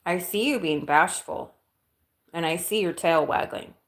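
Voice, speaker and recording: A woman from Illinois, fairly low-pitched and unhurried, goes about her housework while chatting bluntly and casually with live viewers, responding to comments and sometimes cursing. The audio, from her kitchen and living room with windows open, is roomy with faint noise behind her.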